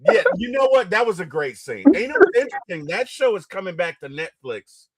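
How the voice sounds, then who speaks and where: A middle-aged man hosting a casual interview, retelling movie scenes with a lot of excitement. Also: sits high, fairly quick. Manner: animated, storytelling, gets excited and loud retelling movie scenes. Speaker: interview host.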